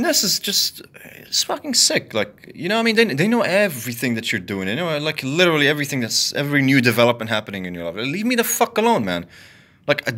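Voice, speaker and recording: A man ranting angrily to the camera, profane and repetitive, swinging from loud outbursts to low muttering. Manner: heated, profane, repetitive venting. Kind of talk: angry solo rant to camera.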